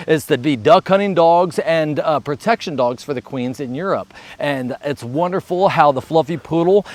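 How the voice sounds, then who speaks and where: A man's voice: on the high side, no room sound. Upbeat dog trainer man, dry sound. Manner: upbeat, chatty, shouting commands and praise at a dog. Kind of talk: casual training vlog. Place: outdoors in a marsh or field.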